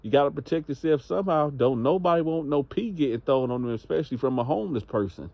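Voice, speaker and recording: A man's voice: a little high, lively intonation, fast, vocal fry, no echo, dull audio, pitched above the performer's own voice. A man voicing a streetwise homeless woman, matter-of-fact and persuasive.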